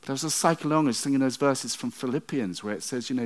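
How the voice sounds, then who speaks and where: A man preaching a conversational sermon with wry asides, slowing down when he quotes verses. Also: medium pitch.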